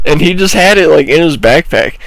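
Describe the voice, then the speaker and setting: Young man telling animated stories. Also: on the high side, creaky, poor audio. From Illinois, USA. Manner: rambling, animated storytelling with laughs and profanity. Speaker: podcast co-host. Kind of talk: casual podcast storytelling.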